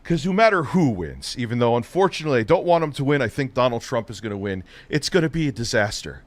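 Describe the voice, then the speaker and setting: A man's voice: mid-range voice, sing-song, fast talker, no room sound. A man hosting a live stream, ranting with heavy profanity and biting sarcasm. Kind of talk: heated live-stream rant.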